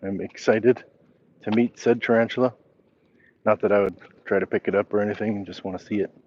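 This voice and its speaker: A man's voice: fairly low pitch, fairly even intonation, fairly quick, muffled recording. A man hosting a casual walk-and-talk livestream, reading chat messages aloud and answering them as he walks. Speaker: livestream host.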